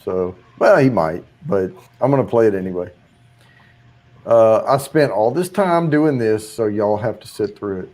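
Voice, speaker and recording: A man's voice: lowish voice, expressive, normal speed, darkish tone. A man hosting a livestream, chatting casually and joking with friends. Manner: easygoing, joking banter. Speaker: livestream host.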